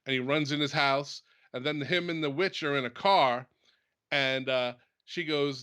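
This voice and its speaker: A man co-hosting a casual church talk show, retelling scenes at length in a relaxed way. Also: medium pitch, a little slow, clean tone. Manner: relaxed storyteller, recounts scenes with quoted voices. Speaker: church podcast co-host. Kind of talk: casual faith discussion.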